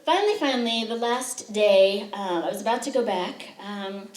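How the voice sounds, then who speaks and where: A woman's voice: mid-range voice, lively intonation, moderate pace. A woman poet giving a reading, telling humorous stories with frequent fillers between poems to students in a lecture room. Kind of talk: poetry reading with spoken anecdotes. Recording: roomy sound, voice distant from the mic.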